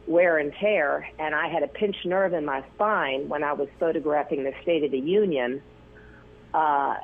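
A man telling stories as an interview guest, rambling with many fillers and restarts, his voice gravelly and husky. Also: a little high. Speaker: news photographer, interview guest. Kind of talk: casual interview storytelling. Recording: tinny phone line.

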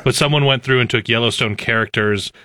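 Man, co-host, casual chat, wry one-liners, bright tense tone, dry close mic. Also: medium pitch, fairly quick, no room sound.

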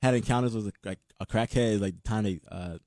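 A man's voice: fairly low pitch, fast talker, a little mellow, no room sound, studio quality. A man hosting a casual chat, prodding his guest with questions and laughing along. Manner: reacts and prods with questions, laughs a lot. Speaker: host.

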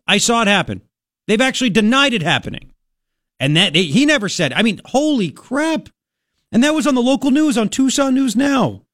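A man's voice: high voice, a bit bright, dry recording. Sarcastic guy ranting on talk radio, dead dry studio sound. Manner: sarcastic, mocking, exasperated. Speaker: radio talk show host. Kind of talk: opinionated talk radio monologue. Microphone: studio microphone.

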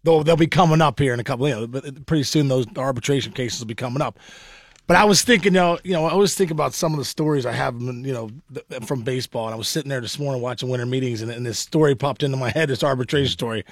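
A man's voice: medium pitch, fast, dry recording, clean studio sound. A man co-hosting a casual chat, telling a long story with many restarts and "you know"s. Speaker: podcast co-host, former baseball player.

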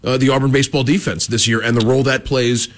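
A man co-hosting a sports radio show, asking long, halting questions that stumble over their own start. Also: medium pitch, level tone. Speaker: radio co-host.

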